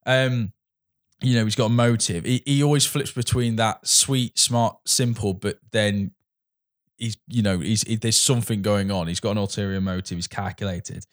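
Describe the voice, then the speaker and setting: A man's voice: on the low side, steady tone, normal speed. Chatty man reviewing a film. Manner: rambling, restarts, acts out quoted dialogue. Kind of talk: casual film review chat.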